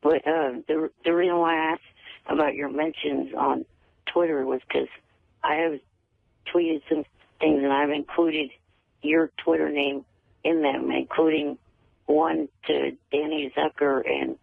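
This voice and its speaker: A man phones in to a talk show. He speaks haltingly, often restarting his words, with a gravelly, fairly high voice. The call comes through a tinny, phone-like line that sounds very dry. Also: steady tone, no room sound. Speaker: caller. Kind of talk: phone-in chat.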